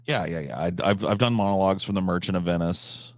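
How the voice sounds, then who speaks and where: A man's voice: low-pitched, quick pace, no room sound, studio quality. A man chatting casually on a live stream, answering chat questions, swearing freely, with frequent restarts and fillers.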